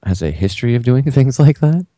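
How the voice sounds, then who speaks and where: A man's voice: mid-range voice, sing-song, a little fast, dark tone, no echo, studio quality. A man hosting a radio talk show, chatting casually about politics with blunt, wry asides.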